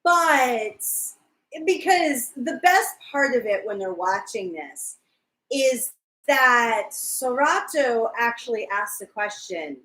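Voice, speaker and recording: A woman co-hosting a relaxed fan chat, talking slowly with a lively, bouncing pitch. She recaps scenes in a chatty way, and her voice rings a little in an echoey room. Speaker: podcast co-host. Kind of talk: casual fan discussion livestream.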